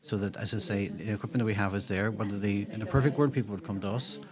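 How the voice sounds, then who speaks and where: A man's voice: fairly low pitch, fairly even intonation, fast talker. A man hosting a casual community podcast interview, rambling through restarts and fillers. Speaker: podcast host and digital hub coordinator. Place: community centre room. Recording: background chatter of a group.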